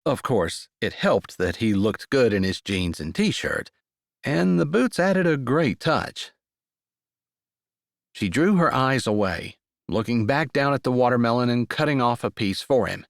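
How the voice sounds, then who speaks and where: A man reads a romance audiobook aloud, his narration expressive and full of movement in pitch. The recording is close and dry, with no room sound. His voice sits at a middle pitch for a man. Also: a little slow, vocal fry, no room sound. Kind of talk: scripted narration.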